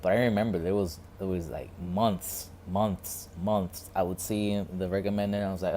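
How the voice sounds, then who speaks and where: A man vlogging a casual reflective monologue, talking quietly and rambling with many restarts and repeated words. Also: low-pitched, steady tone, moderate pace, hardly any pauses, a little hiss or hum.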